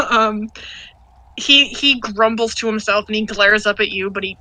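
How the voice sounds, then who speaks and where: Bright-voiced woman game master. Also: medium pitch, measured pace, rough recording. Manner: casual, laughing, with many fillers. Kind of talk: narrating a tabletop game.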